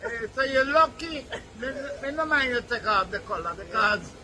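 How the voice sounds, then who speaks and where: A man's voice: very high voice, animated, normal speed, sharp tone, slight background noise, low-quality recording. A man with a Jamaican accent chatting in patois as an interviewee, peppering his talk with "you know".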